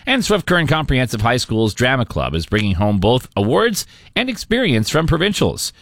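A man reading a local radio newscast in a steady, measured newsreader manner. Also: medium pitch, no room sound, clean studio sound. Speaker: radio news anchor.

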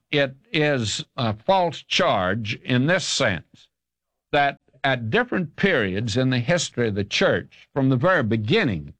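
A man's voice: medium pitch, a bit bright, dry recording. Older man teaching emphatically. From American South. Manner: emphatic, folksy, opinionated. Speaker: Bible teacher. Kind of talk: radio question-and-answer teaching.

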